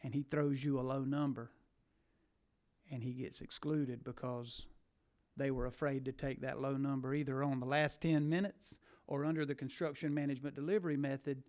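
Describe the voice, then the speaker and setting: A man's voice: medium pitch, steady tone, normal speed, a little mellow. A man questioning witnesses at a legislative committee hearing, pressing his point and repeating words for stress.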